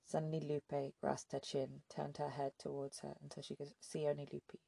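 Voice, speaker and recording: Gravelly, dark-voiced woman narrating. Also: low-pitched, level tone, moderate pace, dry recording. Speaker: audiobook narrator. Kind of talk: scripted narration.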